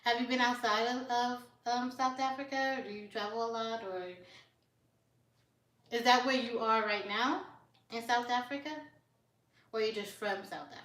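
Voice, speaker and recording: Halting woman, roomy and off-mic. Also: on the high side, steady tone, fairly bright tone, distant mic. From United States. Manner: halting and searching, with frequent restarts while reading comments. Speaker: live streamer chatting with viewers. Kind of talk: casual live-stream chat. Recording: roomy, voice set back from the mic.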